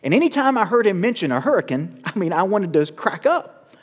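A male pastor preaching a sermon, measured with dramatic pauses, building to urgent calls. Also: high-pitched, sing-song, slightly rough. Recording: long reverb of a church hall.

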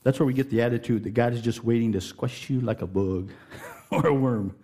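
A middle-aged man preaching a sermon in a folksy, animated storytelling way, laughing and putting on voices. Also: medium pitch, a little fast. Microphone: handheld mic.

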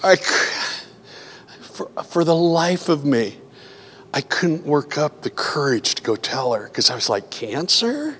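A man's voice: on the high side, expressive, a little slow, long pauses, a bit bright, a little hiss or hum. Earnest preacher man in a reverberant hall. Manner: earnest, acts out his own inner voice in quotes. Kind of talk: conversational sermon with personal stories.

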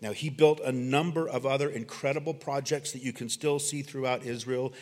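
Man, earnest expository preacher, mid-range pitch, phrase endings drop low, sanctuary reverb. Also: steady tone, a little mellow. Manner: earnest, dramatic pauses when reading scripture, trailing low at phrase ends. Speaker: pastor. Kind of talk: expository sermon. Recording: long reverb of a church hall.

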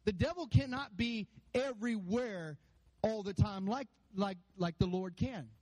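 High-voiced animated preaching man. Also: a little slow, poor audio. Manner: animated preaching, acts out voices, calls to congregation. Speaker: pastor. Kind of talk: sermon. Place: church sanctuary.

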